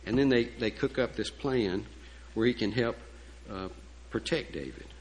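A man's voice: mid-range voice, normal speed, a little hiss or hum, rough recording. A man preaching a sermon in a folksy, emphatic way, with asides and fillers. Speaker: pastor.

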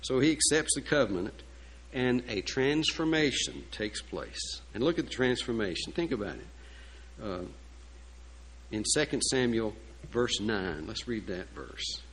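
A man's voice: mid-range voice, lively intonation, a little slow, a bit bright, slight background noise, low-quality recording. A male pastor preaching a sermon, telling a story with folksy asides and rhetorical questions.

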